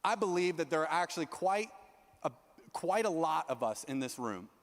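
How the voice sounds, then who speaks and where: A young man giving a youth sermon as a story, animated and self-mocking as he acts out his own lines. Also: on the high side, moderate pace. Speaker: youth pastor. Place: large church youth hall. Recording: long reverb of a large hall.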